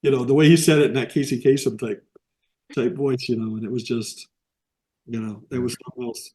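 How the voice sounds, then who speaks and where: A man's voice: medium pitch, fairly even intonation, fairly quick, a little mellow. A middle-aged man from the American Midwest, telling rambling anecdotes in a casual interview over a video call. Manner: rambling anecdotes with quoted voices. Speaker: interview guest, animation artist.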